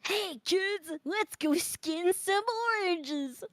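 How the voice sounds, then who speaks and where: A woman voicing a cheery male killer puppet in a creepypasta story read-along, with a shrill, shouty manner. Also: takes it slowly, no room sound, studio quality. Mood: gleeful.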